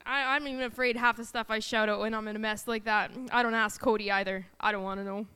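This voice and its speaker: A woman in her thirties gives an earnest faith testimony about her family. Her voice sits a little high and sounds bright and forward, with a smooth, clean tone. She tells the story with plenty of feeling. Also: fairly even intonation, quick pace. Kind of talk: personal faith testimony talk.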